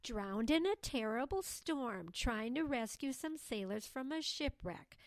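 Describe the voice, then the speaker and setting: A woman voicing Lucinda, a gossipy, self-important young girl who chatters in a sing-song way, read slowly in an audiobook. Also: on the high side, expressive, no room sound, pitched above the performer's own voice. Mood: chattering. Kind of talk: audiobook dialogue reading.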